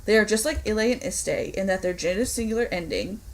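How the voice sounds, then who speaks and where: A young woman teaching a recorded online Latin lesson, explaining grammar clearly and deliberately, with the odd slip of the tongue. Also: mid-range voice, lively intonation, rough recording. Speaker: Latin instructor.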